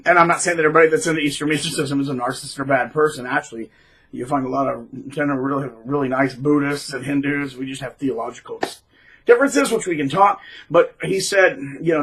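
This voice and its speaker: A man talking casually to camera in a rambling, animated way, with frequent restarts. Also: mid-range voice, slightly rough, poor audio. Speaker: middle school teacher, vlogger.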